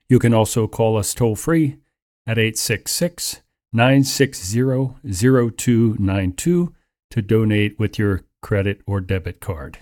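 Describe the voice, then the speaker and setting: A man who teaches on a Christian radio program, reading the closing announcements calmly and steadily. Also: lowish voice, dry recording, studio quality. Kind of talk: scripted program sign-off.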